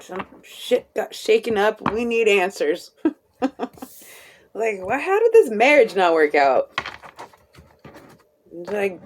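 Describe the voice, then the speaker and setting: A woman of mid-range pitch with big swings in intonation hosts a casual live tarot reading, and a little hiss or hum sits in the audio. She talks slowly and stretches her words, chatting, laughing frequently and swearing offhandedly.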